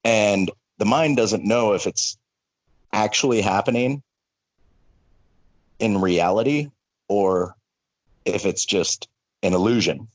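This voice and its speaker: A man with a fairly low voice talks earnestly as a life coach in a relaxed conversation. He often repeats words as he works up to a point. The sound is dry and a little dull. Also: takes it slowly, long pauses, dry recording. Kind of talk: casual conversation.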